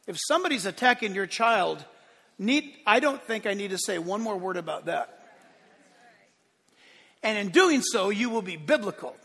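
A male pastor preaching a sermon to his church, emphatic, swinging between loud declarations and hushed asides. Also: high voice, expressive, moderate pace, long pauses, slightly rough, long reverb tail. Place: church sanctuary.

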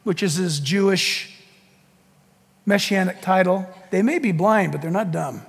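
A man preaching a sermon as pastor, animated, acting out Bible scenes with laughter and sudden shouts. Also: sits high, normal speed, husky, long reverb tail.

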